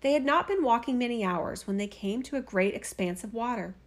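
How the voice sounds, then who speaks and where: A woman narrating a fairy tale in a steady, expressive storytelling voice. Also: fairly high pitch, fairly quick. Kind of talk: fairy tale read-aloud.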